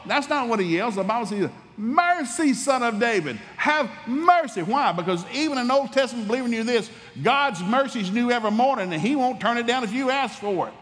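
A man preaching a sermon in a folksy, animated, humorous way, acting out little dialogues as he goes. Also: very high-pitched, fast, hardly any pauses, big-room sound. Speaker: pastor.

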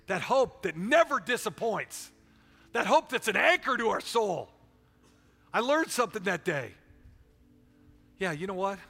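A middle-aged man preaching a sermon as pastor, swinging between loud exhortation and quiet storytelling. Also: sits high, sing-song, a little slow, creaky, long pauses, soft background music. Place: church sanctuary. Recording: long reverb of a large hall.

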